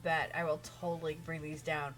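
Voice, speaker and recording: A woman's voice: deep voice, level tone, moderate pace, a bit bright, faint music behind. A woman voicing a cocky winged male gunslinger who teases with a lopsided grin. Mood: smirking. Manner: smirking, teasing.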